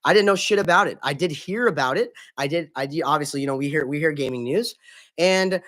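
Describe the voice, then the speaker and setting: A man's voice: a little high, brisk, fairly bright tone. A man hosting a casual gaming live stream, chatting in an upbeat, chummy way, greeting viewers by name and swearing casually.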